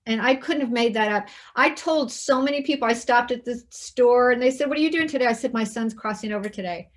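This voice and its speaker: A woman hosting an interview, telling a personal story in a soft, hushed way and acting out the quoted dialogue. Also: fairly high pitch, a little fast. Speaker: interview host.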